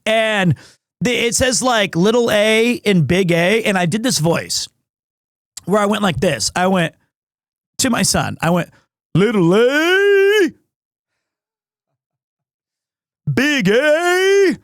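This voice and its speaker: A man live-streaming from home, chatting casually with his viewers in a rambling, excitable, self-deprecating way. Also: high-pitched, measured pace, no room sound, clean studio sound.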